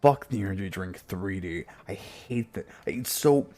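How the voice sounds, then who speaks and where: A man streamer ranting casually and heatedly with lots of swearing, jumping into high silly voices to mimic people. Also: animated, measured pace, darkish tone, soft background music. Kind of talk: casual rant on a live stream.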